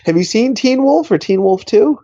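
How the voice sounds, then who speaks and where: A man co-hosting a comedy podcast, making dry, deadpan asides. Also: high-pitched, moderate pace, dull audio. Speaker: podcast co-host.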